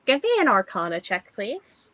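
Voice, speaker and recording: A woman narrating a tabletop game as game master, giving calm rulings. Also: medium pitch, normal speed.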